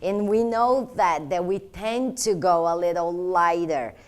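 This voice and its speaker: A woman's voice: on the low side, measured pace. Woman explaining interpreting protocol. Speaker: interpreter trainer. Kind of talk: instructional talk.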